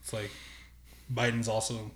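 A man's voice: fairly low pitch, monotone, unhurried, a bit bright. A man co-hosts a casual podcast from a roomy, echoey space. He speaks bluntly and with strong opinions, swearing often. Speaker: podcast co-host.

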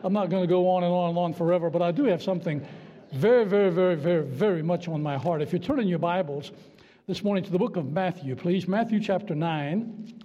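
A man's voice: high voice, fast, warm tone. A man in his seventies from Virginia, preaching a sermon in a church in a folksy, joking, emphatic way. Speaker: guest preacher. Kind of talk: sermon with jokes. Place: church sanctuary. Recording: dull sound with long church reverb.

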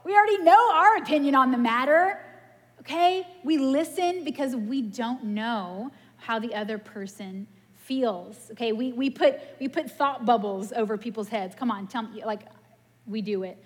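Woman preacher, lively and chatty, slightly high voice, church hall with long reverb. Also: moderate pace. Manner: animated, chatty, laughs at herself. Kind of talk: casual sermon with stories.

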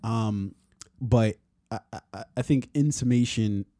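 A man's voice: fairly low pitch, unhurried, dark tone, no room sound, clean studio sound. A man co-hosting a podcast in casual, profane chat, rambling and laughing often. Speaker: podcast co-host.

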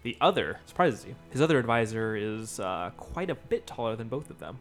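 A man's voice: mid-range voice, very animated, brisk. A man narrating a tabletop game as game master, casual and full of fillers. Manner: casual, hesitant with many fillers. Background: background music.

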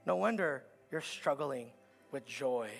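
A pastor preaching a sermon in a church, with an earnest, repetitive cadence that builds to emphatic peaks. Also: male voice, medium pitch, lively intonation, slow, creaky, faint music behind. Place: church auditorium.

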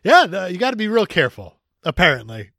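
A man's voice: sits high, big pitch swings, fast, sharp tone, no room sound, studio quality. A man co-hosting a casual podcast, joking with crude banter and laughing a lot. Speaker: podcast co-host.

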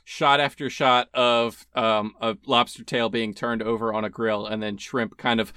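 A man's voice: mid-range voice, flat delivery, a little slow, sharp tone, smooth, no echo. A young man co-hosting a podcast in casual, opinionated chat, rambling with restarts. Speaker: podcast co-host.

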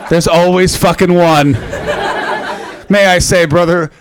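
A man doing stand-up, riffing with the crowd in a profane, animated way on a comedy club stage. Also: sits high, unhurried. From North America.

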